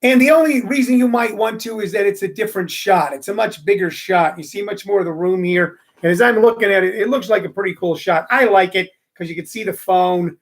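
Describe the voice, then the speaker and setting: A man's voice: high voice, brisk, hardly any pauses. A middle-aged man hosting a casual live-streamed comedy radio chat, rambling with lots of fillers into a studio microphone. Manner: rambling, chatty, many fillers. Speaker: comedy radio show host. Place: room with phone and microphone.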